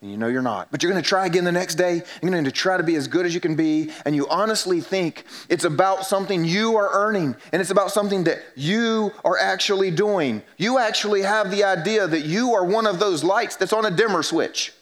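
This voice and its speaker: A male pastor preaching a sermon with emphatic rises, dropping low and quiet when he voices quoted people. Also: a little fast, hardly any pauses.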